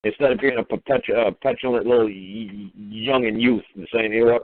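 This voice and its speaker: A man's voice: on the low side, fairly even intonation, brisk, hardly any pauses, dry recording. A man hosting a call-in radio show, scolding and mocking his caller in a profane rant. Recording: tinny phone-line radio audio.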